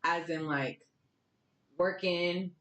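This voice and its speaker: A woman in her thirties hosting a podcast, telling stories in a chatty, animated way. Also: fairly low pitch, extremely slow. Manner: chatty, animated storytelling with laughs. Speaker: podcast host. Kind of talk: casual chat. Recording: roomy, echoey sound.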